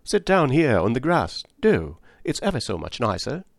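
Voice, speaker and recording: A lively, cheerful young girl chatters in a chirpy, lilting way, as a male reader plays her. His voice is lifted higher, full of ups and downs, and recorded dry and close. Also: normal speed, creaky, no echo, exaggerated voice.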